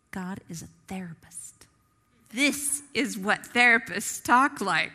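A woman's voice: mid-range voice, sing-song, slow, sharp tone, long reverb tail. A woman giving a conversational Bible teaching. She asks the audience rhetorical questions and often checks in with "right?". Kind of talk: conversational sermon.

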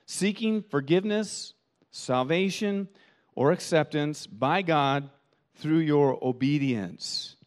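A middle-aged man preaching a sermon as pastor, building from calm teaching to animated rhetorical questions. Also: slow pace. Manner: rising to animated, high-pitched rhetorical questions.

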